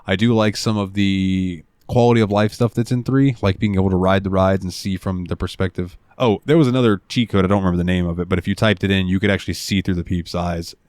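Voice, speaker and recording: A man's voice: deep voice, steady tone, fast talker, few pauses, a little mellow, no echo. A man hosting a gaming podcast, chatting casually in a laid-back, rambling way. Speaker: podcast host. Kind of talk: casual chat.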